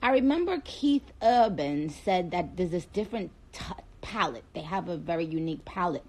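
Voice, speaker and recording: A woman's voice: on the low side, lively intonation, normal speed, a little mellow. Sassy New woman on a livestream. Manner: playful, sassy, trash-talking, breaks into accents. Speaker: livestream host. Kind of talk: casual livestream chat. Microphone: phone.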